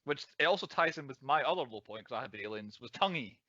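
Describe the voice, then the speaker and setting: A man's voice: medium pitch, expressive, fast, sharp tone, dry recording. A man co-hosting a casual film podcast, chatty and laughing often, stumbling over his words. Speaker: podcast co-host. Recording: slightly dull lo-fi dry sound.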